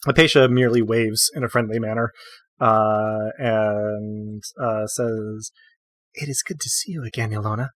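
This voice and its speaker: A man with a medium-pitched voice and no echo serves as game master for a tabletop role-playing game. He narrates in a relaxed manner with plenty of fillers.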